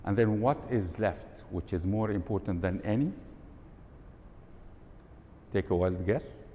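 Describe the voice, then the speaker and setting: A man's voice: a little slow, dark tone. A man giving a live workshop talk, quizzing the audience and demonstrating tones of voice in an event hall. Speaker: workshop speaker. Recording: long hall reverb, faint rumble.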